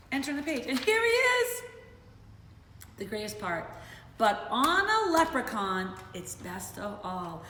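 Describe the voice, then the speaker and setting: A woman's voice: mid-range voice, bright, forceful tone, a little hiss or hum. Middle-aged woman teacher, bouncy sing-song voice for little kids, echoey room with a long tail. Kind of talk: remote class lesson for young children. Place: home. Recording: roomy echo with faint ambience.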